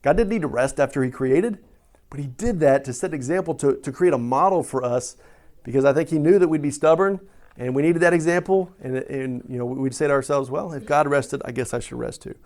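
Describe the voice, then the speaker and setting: Conversational preacher, slightly high-voiced man. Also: a little fast, darkish tone. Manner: conversational, asks questions and tags lines with "right?". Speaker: pastor. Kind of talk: sermon.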